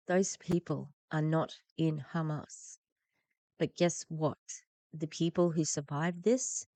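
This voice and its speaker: A woman's voice: sits low, dry recording. A woman hosting a political commentary podcast, reading the news aloud and reacting in a heated, blunt, profane way with sarcastic asides.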